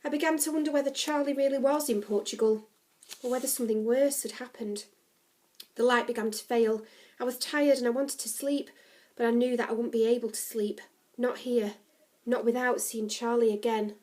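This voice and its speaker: A woman reading a novel aloud, narrating the story in a steady, expressive way. Her voice sits a little on the high side. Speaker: story reader.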